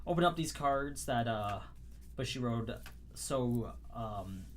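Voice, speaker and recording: A man's voice: mid-range voice, animated, slow pace, a little hiss or hum. A Canadian man hosting a casual livestream, chatty and rambling, with a dry cough, often breaking off mid-sentence. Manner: rambling, self-interrupting, chatty. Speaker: livestream host.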